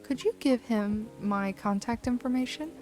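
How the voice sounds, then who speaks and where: A woman's voice: a little high, normal speed, a little mellow, soft background music, close to an everyday voice. A woman voicing a poised, courteous older woman from a cozy game. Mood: gracious.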